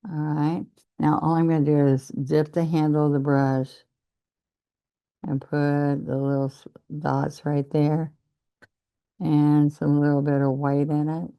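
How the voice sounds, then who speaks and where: A woman's voice: deep voice, flat delivery, unhurried, clear, resonant tone, lo-fi sound. An older woman teaching a painting lesson, chatting encouragingly as she demonstrates each stroke. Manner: chatty, encouraging, talks while working. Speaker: painting instructor.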